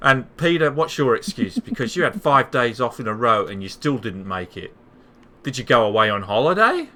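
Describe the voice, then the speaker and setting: A man's voice: medium pitch, sing-song, normal speed, pushed and bright. A man from the UK hosting a game stream, casually teasing his friends over voice chat. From United Kingdom. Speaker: streamer host.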